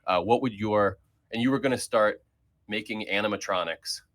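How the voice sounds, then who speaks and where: A man's voice: fairly low pitch, moderate pace, a bit bright. A man leading a casual group chat as host, talking in a rambling way with many fillers and restarts.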